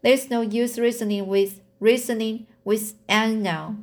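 A woman reading aloud the lines of a stern, practical older woman who is brisk and dismissive. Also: fairly high pitch, fairly even intonation.

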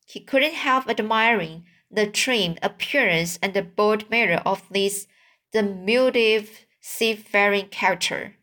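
A woman reading a children's novel aloud, slowly, with small slips and restarts. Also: medium pitch, bright, forceful tone. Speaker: reader.

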